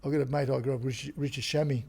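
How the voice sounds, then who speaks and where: An Australian man, a comedian and actor, chatting as a podcast guest and telling animated stories. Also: mid-range voice, racing, creaky, slightly rough. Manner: animated storyteller who acts out quotes. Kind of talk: casual interview chat.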